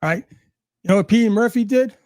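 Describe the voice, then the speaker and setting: A man's voice: sits high, a little fast, a little mellow, no echo, clean studio sound. A man ranting angrily and sarcastically, swearing at almost every turn. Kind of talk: profane rant.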